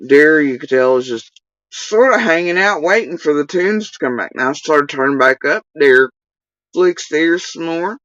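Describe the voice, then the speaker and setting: A woman's voice: deep voice, lively intonation, normal speed, a bit bright, no room sound, lo-fi sound. A woman telling a casual story on a livestream, rambling, laughing and swearing freely.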